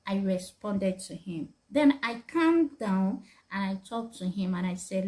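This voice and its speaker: A woman's voice: medium pitch, unhurried, few pauses, mellow. A woman talking earnestly to parents, advising them as a mother, often repeating herself and laughing. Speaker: mother giving parenting advice. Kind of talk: casual advice talk to parents.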